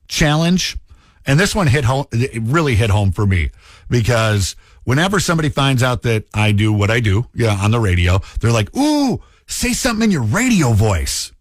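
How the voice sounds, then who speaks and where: Brief: Minnesotan male radio host, lively pitch swings, dry studio sound. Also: moderate pace, dry recording. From Minnesota, USA. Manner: chatty, animated, self-mocking. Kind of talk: casual radio talk.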